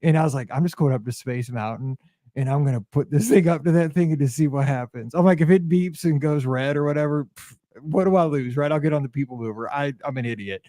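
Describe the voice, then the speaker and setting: A middle-aged man co-hosting a podcast, telling an animated story and acting out the quotes in casual chat. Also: fairly high pitch, fast, no echo, studio quality. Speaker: podcast co-host.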